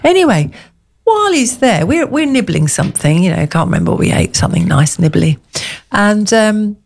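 A woman's voice: medium pitch, big pitch swings, moderate pace, gravelly, a little mellow. A middle-aged woman from England telling long, gushing stories as a radio co-host in casual chat. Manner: chatty, gushing storyteller.

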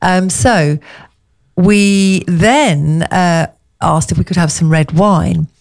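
A woman co-hosting a casual chat, telling rambling, animated anecdotes. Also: lowish voice, takes it slowly, creaky. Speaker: co-host.

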